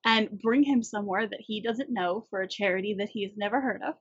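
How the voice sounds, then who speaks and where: A woman with a slightly husky voice talks through a film scene by scene on a podcast, keeping the tone casual and chatty. The sound is dry and close, but dull and a little lo-fi. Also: medium pitch, fast, dry recording. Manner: animated storyteller, recaps scenes in detail. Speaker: podcast co-host. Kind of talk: casual movie discussion. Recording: dull lo-fi audio.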